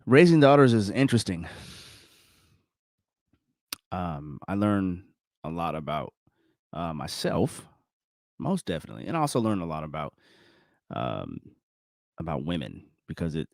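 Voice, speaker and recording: Deep-voiced rambling man, chatting solo. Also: very animated, moderate pace, vocal fry, pauses often, no room sound, clean studio sound. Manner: rambling, self-correcting, chuckles often. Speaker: vlogger. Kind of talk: casual solo self-reflection talk.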